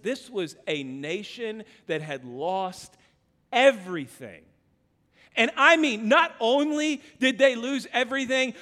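High-voiced male pastor preaching in a hall. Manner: storytelling, acting out his son, rising to shouted appeals. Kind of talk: sermon. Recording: long hall reverb.

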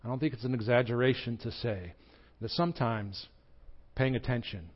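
A young adult man with a Southern American accent preaching a sermon, telling a personal story earnestly, with his voice rising and falling in pitch and loudness. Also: moderate pace, muffled recording. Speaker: pastor.

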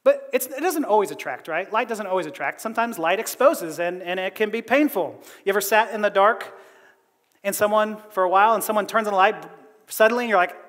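A man preaching a conversational sermon as a pastor, animated and often laughing between phrases. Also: high-pitched, brisk, long reverb tail.

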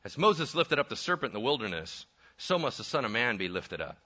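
A man preaching a lively sermon, conversational and full of rhetorical questions. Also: mid-range voice, brisk. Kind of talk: animated sermon with acted-out voices. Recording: dull lo-fi sound.

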